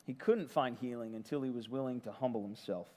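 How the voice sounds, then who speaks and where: A man preaching a sermon as pastor, retelling a story in a conversational, lively way. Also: medium pitch, fairly quick, long reverb tail.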